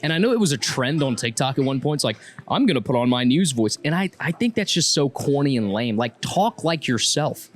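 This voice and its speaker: Opinionated podcast host, slight Southern drawl. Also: male voice, medium pitch, fairly quick, hardly any pauses. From Mississippi. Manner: animated, opinionated, clearly inflected. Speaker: podcast co-host and broadcast journalist. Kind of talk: casual podcast chat. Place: restaurant.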